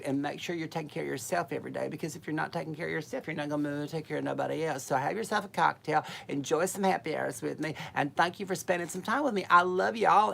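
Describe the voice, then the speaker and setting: A woman with a drawl chats on a home livestream into a webcam, rattling along at a quick clip. Her voice sits low and gravelly. She rambles in a folksy way and slips in bawdy asides. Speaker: livestream host. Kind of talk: chatty livestream monologue.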